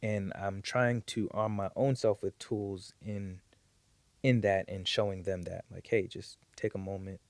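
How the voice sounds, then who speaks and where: Low gravelly-voiced man, earnest podcast guest. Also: steady tone, measured pace, a little mellow, no room sound. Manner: earnest and reflective, repeats words as he gathers thoughts. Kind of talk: casual heartfelt conversation.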